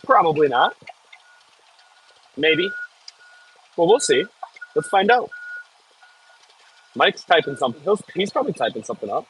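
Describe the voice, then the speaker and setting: Riding in the cab of a heavy machine over frozen outdoor ground, an American livestreaming operator casually reads viewer messages and swears at each jolt. He speaks on the high side at a normal speed, a bit bright, with big pitch swings and long pauses. The rough recording carries some hiss or hum.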